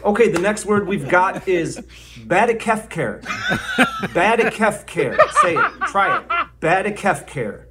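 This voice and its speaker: A man's voice: high voice, big pitch swings, unhurried, very noisy. A man narrating a joking mock language lesson in a played-back video, laughing at his own jokes.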